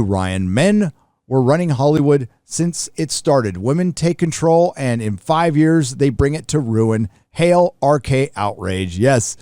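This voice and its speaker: A man's voice: on the high side, darkish tone, no echo, clean studio sound. A man hosting a live stream, reading out viewers' donation messages and giving short offhand replies in casual chat. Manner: reads superchats aloud then comments offhand.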